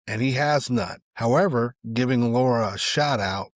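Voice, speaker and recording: A middle-aged man hosting a solo podcast, giving casual, opinionated commentary on social media posts. His voice often drops away quietly at the end of phrases. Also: mid-range voice, moderate pace, no room sound, clean studio sound. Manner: conversational, opinionated, trails off quietly at phrase ends. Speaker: podcast host.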